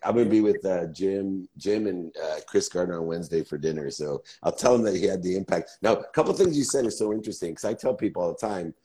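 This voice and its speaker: A man in his fifties hosting a podcast interview, talking quickly and enthusiastically from a hotel hallway. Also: low-pitched, mellow, breathy edge. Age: 50s. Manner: quick, enthusiastic, swears casually. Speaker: podcast host. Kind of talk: casual interview chat.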